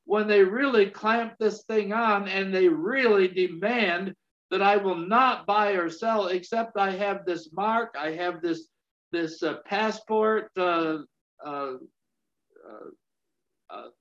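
Slow, halting high-voiced preacher. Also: male voice, a bit bright. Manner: slow, halting delivery with many restarts and amens. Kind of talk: sermon. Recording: dull lo-fi recording.

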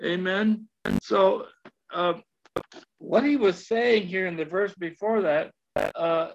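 An older man preaches in a high, gravelly voice, taking his time. He tells a story, repeating phrases and putting questions to his listeners. The recording sounds slightly dull and lo-fi. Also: slow pace. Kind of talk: sermon.

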